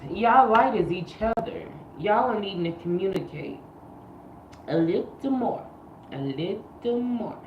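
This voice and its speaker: A woman's voice: medium pitch, expressive, unhurried, a little hiss or hum. A woman giving a casual livestream tarot reading, chatty and slangy, repeating her phrases and sometimes half-singing. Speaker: tarot reader. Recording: echoey room, muffled lo-fi sound.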